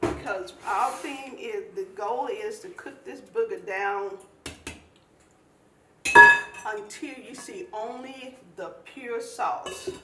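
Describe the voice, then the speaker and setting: A woman from eastern North Carolina, giving a folksy, animated cooking demonstration. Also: fairly high pitch, takes it slowly, echoey room, distant mic, very noisy. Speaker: home cook.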